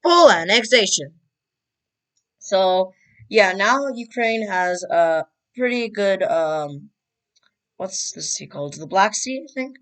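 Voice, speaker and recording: A woman's voice: mid-range voice, lively intonation, slow pace. A woman casually narrating a map scenario for her video, chatty and joking with many fillers. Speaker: video creator.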